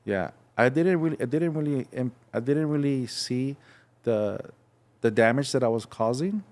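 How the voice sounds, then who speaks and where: A young man from Los Angeles, a podcast guest telling his story in a frank, halting way, acting out voices as he goes. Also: mid-range voice, a little mellow. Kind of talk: casual storytelling.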